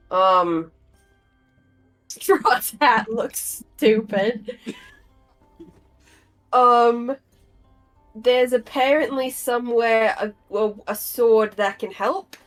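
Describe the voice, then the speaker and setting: A woman's voice: mid-range voice, fairly bright tone, low-quality recording. A woman playing a tabletop game, casually thinking aloud over her notes with many fillers. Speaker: player and note taker.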